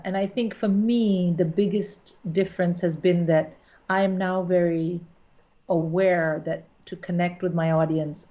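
A middle-aged woman with a slightly low voice, chatting casually as a guest. She tells her stories in a lively, frank and wry way. The recording sounds dull and lo-fi. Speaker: stand-up comedian, guest. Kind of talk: casual conversation.

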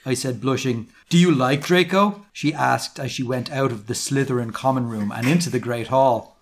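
A British man, a podcast co-host, reads a piece of fan fiction aloud to his friends. His voice sits at an ordinary middle pitch, and he leans mock-dramatically on every over-the-top line. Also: steady tone, moderate pace. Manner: mock-dramatic, stressing the absurd lines.

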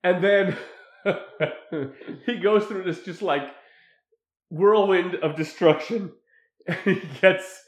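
High-voiced man laughing through a recap. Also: slow pace, long pauses, muffled recording. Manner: animated, laughing, acts out scenes. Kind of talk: casual chat recapping a movie. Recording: echoey room.

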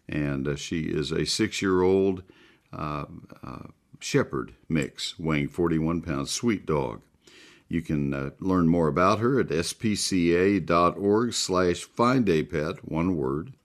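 A man hosting a call-in gardening radio show, talking in a folksy, chatty way with many filler words. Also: low voice. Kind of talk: live call-in radio talk with read ads.

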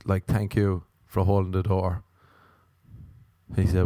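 A man's voice: low voice, level tone, normal speed, pauses often, dark tone, no echo. Wry Irish man in a dry, close room. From Ireland. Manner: wry, self-mocking, chatty. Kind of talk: rambling comic monologue.

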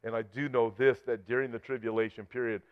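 A man's voice: mid-range voice, flat delivery, quick pace, clear, resonant tone. Earnest male Bible prophecy preacher. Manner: earnest, rises loud when reading scripture aloud. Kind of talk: sermon-style teaching. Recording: slightly dull lo-fi audio.

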